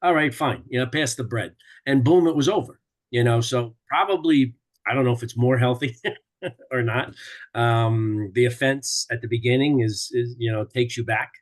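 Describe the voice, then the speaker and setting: A man in a casual group chat, telling family stories with animated mimicry of relatives shouting. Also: medium pitch, moderate pace. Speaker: group participant.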